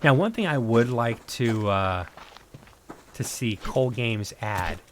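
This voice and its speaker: A man streaming a survival game live, thinking aloud in a relaxed, rambling way as he plays. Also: mid-range voice, takes it slowly, slight background noise. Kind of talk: casual live-stream gameplay commentary.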